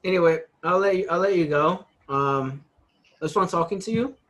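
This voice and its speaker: A man from New York hosting a casual interview, telling lively work stories, acting out his coworkers' lines and laughing often. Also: high voice, moderate pace. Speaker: host.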